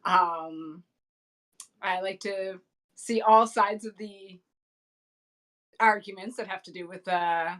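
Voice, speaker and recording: A woman's voice: mid-range voice, steady tone, slow, pauses often, fairly bright tone. A woman guest streamer chatting casually over a video call, easygoing and a little hesitant, given to giggles. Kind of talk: casual chat.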